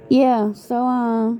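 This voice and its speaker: A woman's voice: on the high side, dark tone. A woman vlogger talking candidly and emotionally about her own life, swearing freely and often restarting her sentences. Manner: raw, emotional, profane, with frequent restarts. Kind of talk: candid personal vlog talk.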